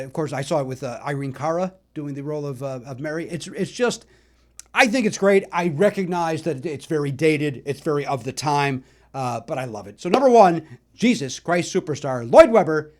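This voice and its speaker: A middle-aged man from the Chicago area hosting a solo podcast, telling stories in a chatty, animated way with lots of fillers. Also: a little high, normal speed. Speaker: podcast host. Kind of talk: solo musical nostalgia talk.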